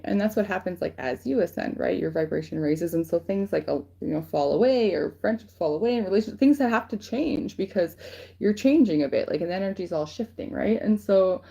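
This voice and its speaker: A woman talks through spiritual guidance in a loose, rambling livestream chat, full of fillers and casual swearing. Her voice sits low and carries a gravelly fry. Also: mellow. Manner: rambling, profane, filler-heavy. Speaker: spiritual reader channeling guidance.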